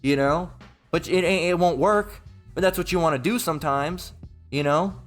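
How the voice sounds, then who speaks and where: A man's voice: fairly high pitch, moderate pace, soft background music. A man with a Southern US accent preaching an informal Bible teaching sermon. He reads scripture, then breaks into heated, profane, repetitive rants.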